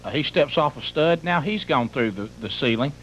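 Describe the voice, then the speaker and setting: A man's voice: mid-range voice, lively intonation, normal speed. A middle-aged man, hosting a radio show and telling a comic story in a rambling, exaggerated way that piles up details. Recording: muffled broadcast with faint hum.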